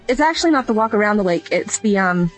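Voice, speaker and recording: A woman's voice: mid-range voice, animated, fast, faint music behind, low-quality recording. A woman calling in to a podcast, speaking enthusiastically and thoughtfully. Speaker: caller. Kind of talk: phone-in chat.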